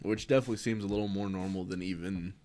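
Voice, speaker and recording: A man's voice: sits low, fairly even intonation, very fast, a little mellow. A man co-hosting a casual podcast, making wry, laughing asides. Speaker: podcast co-host. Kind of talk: casual chat.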